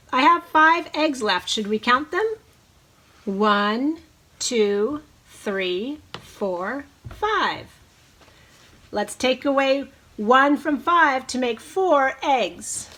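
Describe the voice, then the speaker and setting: Woman teacher, fairly high voice, unhurried storybook reading to small children, encouraging, leads call-and-response. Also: animated, pushed and bright. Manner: slow, encouraging, leads bird-call imitations. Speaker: preschool teacher. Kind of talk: reading a picture book aloud to children.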